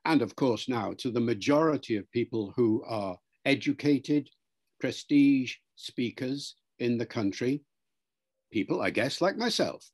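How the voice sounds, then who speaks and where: A man's voice: medium pitch, lively intonation, darkish tone, dry recording. Older man with mixed Welsh-British accent. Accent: mixed British, Welsh and Liverpool with some RP. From Wales. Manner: measured, lecturing, demonstrates sounds aloud. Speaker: professor. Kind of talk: interview answers, explaining accents.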